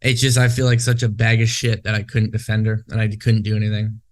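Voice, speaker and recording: A man's voice: fairly low pitch, monotone, fast. A man from Canada, talking in a casual podcast chat. He swears freely and rambles off on tangents. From Western Canada. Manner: profane, rambling, goes off on tangents. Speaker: podcast co-host.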